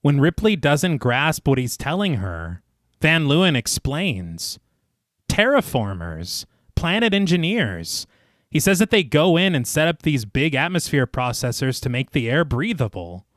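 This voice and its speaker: A man's voice: sing-song, measured pace, a bit bright, dry recording, clean studio sound. A man co-hosting a podcast, narrating a scripted film recap with a dramatic storytelling manner and casual asides. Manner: dramatic storytelling, reads movie quotes in a lowered voice, laughs at his own jokes. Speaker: podcast co-host.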